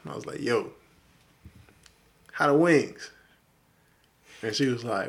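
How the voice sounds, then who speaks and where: With slight background noise, a podcast co-host tells a story slowly in a mid-range voice, leaving long pauses. It's a casual storytelling chat, and he's animated and profane, acting out the people involved.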